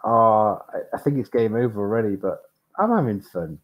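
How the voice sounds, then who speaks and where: A man's voice: lowish voice, normal speed, dull audio. Flustered man streaming a retro game. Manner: excitable, flustered, self-mocking, lots of exclamations. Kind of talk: live gameplay commentary.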